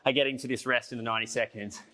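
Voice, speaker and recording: Imagine a man in his twenties or thirties working out while co-hosting a fitness class. He cracks self-deprecating jokes and chats easily between sets. His voice is a plain, mid-pitched male voice. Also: flat delivery, rapid-fire, bright, forceful tone. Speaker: fitness coach. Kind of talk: workout class banter.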